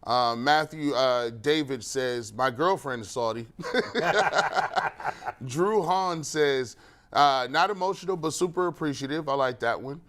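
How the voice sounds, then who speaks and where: A man co-hosting a casual sports talk show, reading viewer comments with animated, slangy banter. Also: a little high, slow pace. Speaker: co-host reading the chat.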